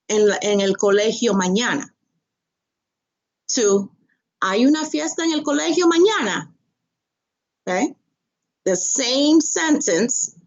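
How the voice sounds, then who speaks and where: A woman teaching an online Spanish lesson, patient and methodical, repeating phrases and stressing the rise of a question. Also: mid-range voice. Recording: dull lo-fi audio.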